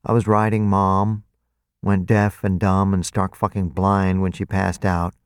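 A man's voice: low voice, level tone, measured pace, clean tone, dry recording, clean studio sound. A man voicing a blunt, foul-mouthed woman with a lazy drawl. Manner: drawling, swearing.

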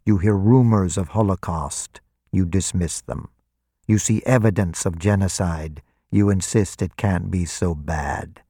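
A man voices a cold, calculating vampire commander in a full character performance, deep, husky, and unhurried, each line measured and clinical as he lectures. The quiet menace comes through in a dry, close voice with no room sound around it.

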